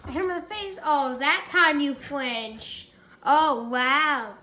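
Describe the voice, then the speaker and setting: High-voiced woman teasing her dogs. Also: slow pace, bright, forceful tone. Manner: playful, teasing, talks straight to her dogs. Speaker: vlogger filming her pet dogs. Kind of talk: casual off-the-cuff chatter. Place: indoors at home. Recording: noisy home video recording.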